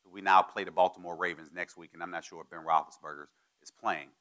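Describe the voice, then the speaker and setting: A man's voice: deep voice, fast talker. A man in his forties giving a storytelling speech, acting out the people he quotes. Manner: animated, acts out quoted people. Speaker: guest speaker.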